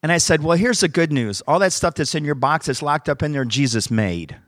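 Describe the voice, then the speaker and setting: A man's voice: a little high, animated, fairly quick, a bit bright, dry recording, clean studio sound. A man, a pastor, preaching by telling a story and acting out the dialogue as he goes. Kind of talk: sermon storytelling.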